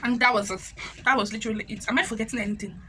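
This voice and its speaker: Young adult Nigerian woman vlogger, brisk, bright tone, animated recap chat. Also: a little high, slight background noise. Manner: animated, chatty, slips into pidgin when quoting. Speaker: YouTuber recapping a reality show.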